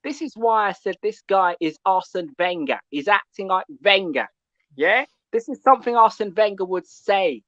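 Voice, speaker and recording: A man's voice: sits high, expressive, moderate pace, no echo. Ranting male caller, dull lo-fi line. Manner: loud ranting, keeps asking "yeah?". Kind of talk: call-in football rant.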